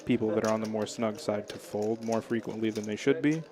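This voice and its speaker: A man's voice: lowish voice, steady tone, brisk, crowd noise. A man co-commentating a live poker game in a casual, analytical, conversational way.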